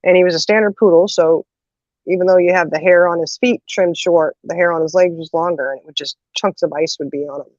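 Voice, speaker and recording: A lowish, brisk female voice belongs to a host telling a funny family story in a casual chat. She laughs a lot, stays animated, and performs the quotes herself. The audio is dull lo-fi with no room sound.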